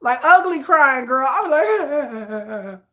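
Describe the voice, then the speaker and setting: Bubbly, high-pitched, animated woman vlogger. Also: slow pace. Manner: animated, laughing, acting out fangirl reactions. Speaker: K-pop channel host. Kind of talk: excitable casual chat with live chat readers.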